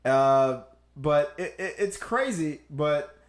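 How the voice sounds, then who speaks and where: Man, podcast host, casual chat, animated, rambling, restarts a lot, slightly high voice, echoey studio. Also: takes it slowly. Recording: roomy studio echo.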